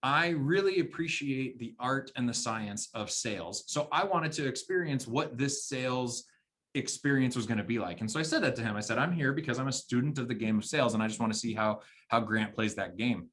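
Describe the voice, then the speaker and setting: A man's voice: mid-range voice, brisk, fairly bright tone. A man from Arizona co-hosting a podcast, telling a rambling story in casual chat with many restarts. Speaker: podcast co-host.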